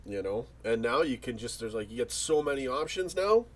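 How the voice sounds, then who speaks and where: A man hosts a casual live chat, reading out comments and rambling through jokes and banter. His voice is husky, and his pitch swings widely from line to line. He often restarts his sentences mid-thought. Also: expressive, a little fast. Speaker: livestream host.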